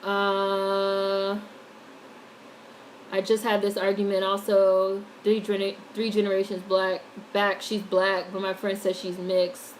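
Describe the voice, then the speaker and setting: An American woman holds forth on a casual livestream, blunt and opinionated, swearing as she answers her chat. Her voice sits at an ordinary middle pitch. A faint hiss runs under the recording. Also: completely flat delivery, slow, low-quality recording. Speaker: YouTube commentator reading chat.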